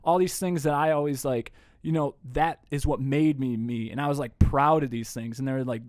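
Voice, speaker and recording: A man, a podcast guest, telling a story in a casual, animated way, swearing freely. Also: medium pitch, a little fast, no room sound, studio quality. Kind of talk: casual conversation. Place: indoor room.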